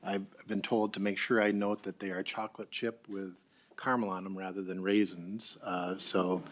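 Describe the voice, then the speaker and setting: A man's voice: low voice, flat delivery, moderate pace, a little hiss or hum. A man, a state representative, making informal remarks at a hearing in a plain, matter-of-fact way.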